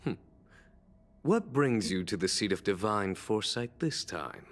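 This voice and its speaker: A man voicing a calm, wise older seer in a game, speaking in a measured, formal way. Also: lowish voice. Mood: composed.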